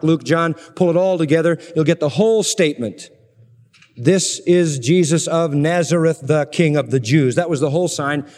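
A man's voice: a little high, darkish tone, long reverb tail. A man preaching an expository sermon, emphatic and repeating key phrases for weight.

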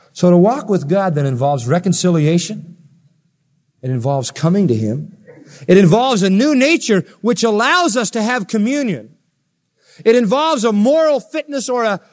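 A male preacher giving a sermon, telling Bible stories in an animated way and acting out the voices of the people in them. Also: on the high side. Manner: animated storytelling, acts out voices. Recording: long reverb of a large hall.

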